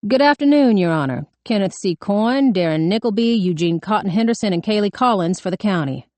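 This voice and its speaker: A male prosecutor, read by a woman narrator, formal and projecting. The voice is mellow and recorded close and dry. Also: medium pitch, expressive, fairly quick, dry recording, close to an everyday voice.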